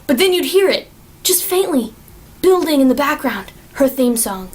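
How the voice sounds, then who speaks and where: A young woman reviewing a movie in casual chat, gushing and excitable, swearing freely and filling her talk with fillers. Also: high voice, moderate pace.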